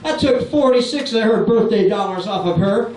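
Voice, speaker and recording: A man in his forties doing a stand-up comedy set, delivering deadpan one-liners and bantering with the crowd. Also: high-pitched, normal speed, slight background noise. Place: comedy club stage. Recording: roomy club, distant mic, crowd laughter.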